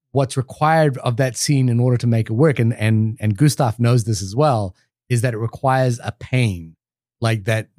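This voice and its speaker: A man's voice: mid-range voice, a little mellow, no echo, clean studio sound. A man co-hosting a film podcast, talking in a rambling, enthusiastic way with many restarts. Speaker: podcast co-host. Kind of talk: casual film discussion.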